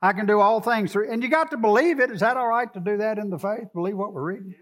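Man, high voice, preaching a sermon, conversational, quotes scripture. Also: fast. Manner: conversational preaching, quoting scripture, coaxing the congregation.

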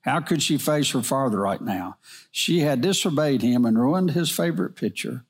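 A middle-aged man reads a moral story aloud, gentle and earnest. His pitch sits in an ordinary middle range for a man, and he reads steadily with the odd small slip. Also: expressive, moderate pace.

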